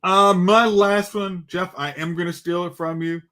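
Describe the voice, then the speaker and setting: Excitable co-host ranting about movies. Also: male voice, high voice, measured pace. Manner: excitable, rants in bursts. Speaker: podcast co-host. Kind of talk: casual movie chat.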